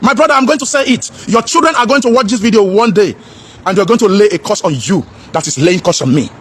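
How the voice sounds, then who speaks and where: A man's voice: sits high, animated, quick pace, fairly bright tone, a little hiss or hum. A man in an impassioned, preachy monologue, asking rhetorical questions and slipping into pidgin.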